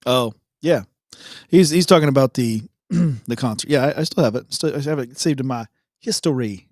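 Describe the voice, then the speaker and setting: A man co-hosting a devotional show, reading a Bible passage and joking around in a relaxed, casual chat. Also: medium pitch, moderate pace, no room sound, studio quality. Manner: laid-back, jokey, laughs often.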